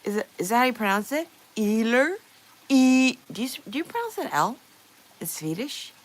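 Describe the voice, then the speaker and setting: A woman's voice: fairly high pitch, very animated, normal speed, poor audio. A woman livestreamer chatting casually with her viewers, reading their messages aloud, playful and often laughing.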